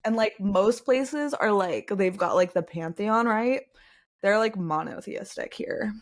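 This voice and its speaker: A woman's voice: mid-range voice, unhurried, lightly acted. A woman voicing a young woman singer who chats casually with lots of fillers. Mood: chatty.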